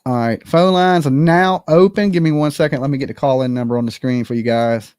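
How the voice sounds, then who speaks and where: A livestream host giving animated, blunt and profane commentary, talking straight to the chat and opening call-in lines. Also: medium pitch, fairly quick, clean tone, no echo, studio quality. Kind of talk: live-stream commentary with call-ins.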